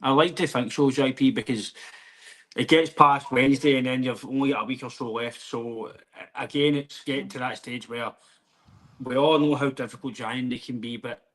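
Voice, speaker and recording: A man's voice: medium pitch, fairly even intonation, moderate pace, fairly bright tone. A Scottish man co-hosting a casual football podcast, talking in a conversational, hesitant way that often trails off. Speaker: podcast co-host.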